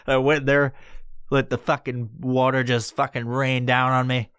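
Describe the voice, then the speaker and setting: A man's voice: little pitch movement, normal speed, fairly bright tone, clean tone, no room sound, clean studio sound. Profane rambling male podcaster. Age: adult with a son. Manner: profane, rambling, acts out his own panicked voice in high squeals. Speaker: podcast host. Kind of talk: casual storytelling.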